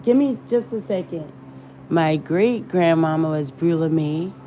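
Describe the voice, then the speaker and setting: A woman's voice: deep voice, expressive, a little slow, warm tone, a little hiss or hum. A woman rambling and searching for words in a casual livestream chat. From American South. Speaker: livestream host.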